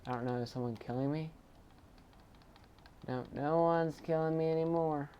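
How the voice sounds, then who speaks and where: A man casually commentating his own video game play, chatty and bursting into excited shouts. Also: on the high side, moderate pace, clean tone, muffled recording. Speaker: gaming channel host.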